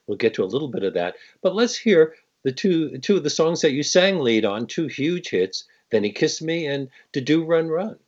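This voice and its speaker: A man's voice: a little high, sing-song, normal speed, hardly any pauses, darkish tone. Male radio host with a muffled sound. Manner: brief hums and transitions to music. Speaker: radio interviewer. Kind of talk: interview hosting.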